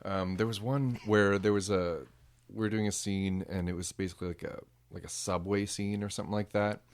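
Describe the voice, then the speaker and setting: A man guest telling lively stories about his work as a background performer and acting out what people said. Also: on the low side, brisk, clear, resonant tone. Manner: animated, acts out quoted voices. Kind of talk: casual interview storytelling.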